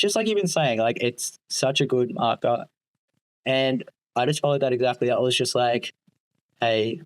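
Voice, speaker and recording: A man's voice: medium pitch, poor audio. Candid man guest. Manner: candid, halting, with many fillers. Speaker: podcast guest. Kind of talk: casual podcast interview.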